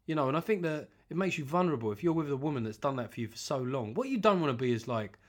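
A man's voice: medium pitch, expressive, rapid-fire. A man, a comedian hosting his podcast, delivering a rambling, profane, self-mocking comic monologue.

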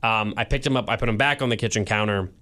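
Man telling a sad story, halting. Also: on the low side, sharp tone. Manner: halting, emotional storytelling with many restarts. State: teary. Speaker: podcast co-host. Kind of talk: casual chat.

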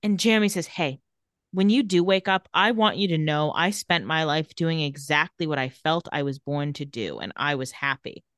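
A woman co-hosting a laid-back recap podcast, walking through each scene and reading quotes without much colour. Her voice sits a little low. The sound is dry and close, with no room around it. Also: moderate pace, no echo. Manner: retells scenes and reads quotes in a flat voice. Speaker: podcast co-host. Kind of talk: casual recap chat.

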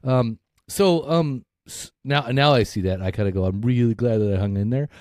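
A man's voice: mid-range voice, normal speed, darkish tone, no echo, clean studio sound. A man co-hosting a casual recovery podcast, rambling and swearing freely, often breaking into laughter. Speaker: podcast co-host.

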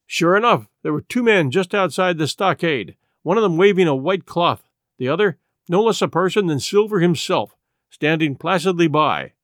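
A man narrates a classic adventure novel, storytelling with plenty of expression. His voice is a touch high and rises and falls freely. The recording is close and dry. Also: expressive, moderate pace, fairly bright tone, no room sound. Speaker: audiobook narrator.

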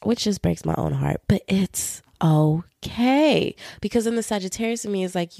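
A woman's voice: fairly low pitch, moderate pace, gravelly, hardly any pauses, dry recording, clean studio sound. A young woman hosting her own podcast, talking casually and playfully while feeling a bit unwell. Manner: chatty, playful, animated with voices for roommates. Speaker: podcast host. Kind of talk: casual solo podcast chat.

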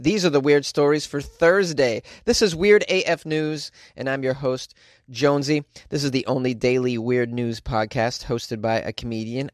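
A man's voice: mid-range voice, dry recording, clean studio sound. A man hosting a daily comedy news podcast, reading odd stories with wry, jokey asides. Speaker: podcast host.

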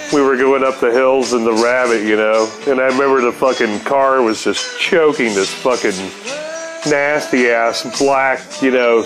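A man telling a story from his past in a casual, laid-back way, cursing freely and laughing often. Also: mid-range voice.

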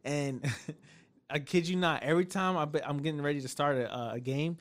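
A man in casual podcast chat who tells stories in a relaxed, profane way. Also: a little high, normal speed. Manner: laid-back storyteller, swears freely, acts out voices.

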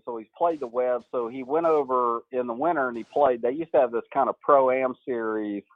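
A man, a golf coach guest, telling animated stories in a podcast interview and acting out what people said, laughing often. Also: mid-range voice, no room sound, phone-quality sound. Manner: animated storyteller, acts out quotes, laughs often.

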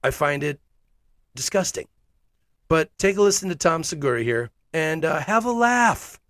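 A man's voice: fairly high pitch, animated, normal speed, a bit bright, no room sound, studio quality. A man hosting his own podcast, giving blunt, sarcastic, fiery commentary. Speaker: podcast host. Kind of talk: opinionated commentary.

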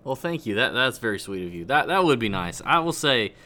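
A man's voice: mid-range voice, very animated, fairly quick, bright, forceful tone. A man co-hosting a casual golf chat, joking and rambling through his answers. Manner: joking, rambling, self-deprecating. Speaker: podcast co-host. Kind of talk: casual banter.

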